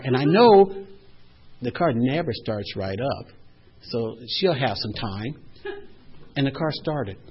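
A man telling a personal story, animated and swinging from loud to hushed. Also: medium pitch, lo-fi sound, slight background noise.

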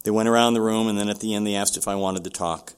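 An older man telling his own recovery story at a meeting, candid and halting, with many restarts. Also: lowish voice, steady tone, clear, resonant tone.

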